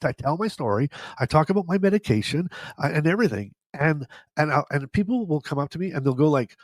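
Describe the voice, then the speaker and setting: A podcast host with a slightly high voice tells stories in a casual monologue, joking and poking fun at himself despite a stuffy nose. He talks quickly with lively intonation, and there's no room sound.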